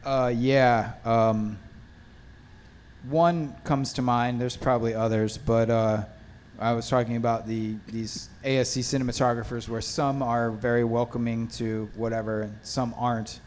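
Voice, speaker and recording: A man's voice: mid-range voice, a little hiss or hum. Laid-back man recounting set stories. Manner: relaxed, halting, with many fillers. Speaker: panelist, film lighting crew. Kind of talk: casual panel storytelling. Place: film festival panel.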